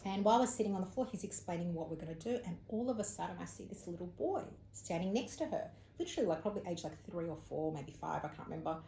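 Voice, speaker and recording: Her voice on the low side, fast, with vocal fry and hardly any pauses, an Australian psychic medium tells a personal story as an interview guest in casual conversation. Animated, she acts out quoted speech, and the recording has an echoey room with faint ambient noise.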